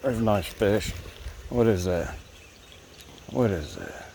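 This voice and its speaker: Guy fishing a creek, gravelly mellow voice, sweet-talks the fish, crickets buzzing faint. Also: fairly low pitch, big pitch swings, slow, long pauses, a little hiss or hum. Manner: chats softly to the fish he catches. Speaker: fishing vlogger. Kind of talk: casual narration while fishing. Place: small creek outdoors, in a boat. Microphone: action camera. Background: crickets and insects.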